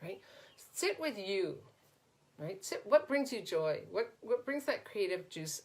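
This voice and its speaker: A woman's voice: medium pitch, sing-song, measured pace, darkish tone. A woman coach hosting a live question-and-answer session, reading viewers' comments aloud and answering them in a conversational way, often tagging "right?" onto her points. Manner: conversational, frequently adds "right?". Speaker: coach and podcast host.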